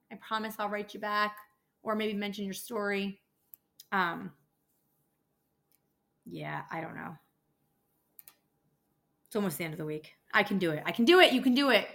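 A woman's voice: medium pitch, pushed and bright. A young adult woman hosting a casual podcast, ranting and swearing freely as she gets worked up. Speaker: podcast host, dental office worker.

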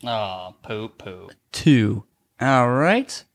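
A man's voice: on the low side, extremely slow. A man co-hosting a casual podcast, calling a joke wrestling game with lots of laughs. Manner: jokey, animated, laughs often. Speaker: co-host. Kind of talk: casual play-by-play banter.

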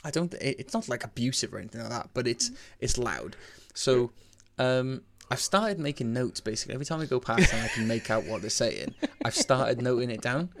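A man's voice: medium pitch, animated, fairly quick, creaky, few pauses, a bit bright, slight background noise. A man co-hosting a podcast in casual chat, from Wales, joking and swearing as he reads out his own notes. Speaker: podcast co-host.

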